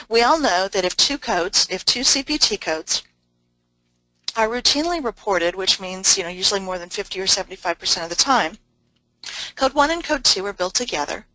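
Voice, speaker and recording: A woman giving a webinar lecture on medical coding, explaining things briskly with asides and fillers. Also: mid-range voice, expressive, sharp tone, dry recording, rough recording.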